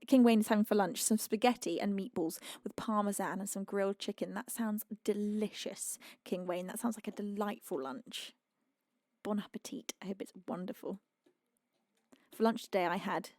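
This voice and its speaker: A British woman hosting a live music stream, chatting casually, giggling and warmly thanking viewers as she reads their messages. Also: mid-range voice, no room sound, studio quality. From United Kingdom. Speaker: singer and livestream host. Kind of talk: casual livestream chat reading out viewer messages.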